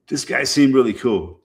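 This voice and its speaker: A middle-aged man chatting casually and rambling to his stream viewers, swearing freely and repeating himself. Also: mid-range voice. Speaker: livestream host.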